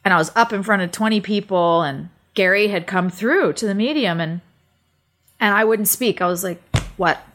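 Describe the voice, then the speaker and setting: A woman's voice: medium pitch, moderate pace, fairly bright tone. A woman chatting casually on a podcast, emphatic and swearing freely as she acts out what people said.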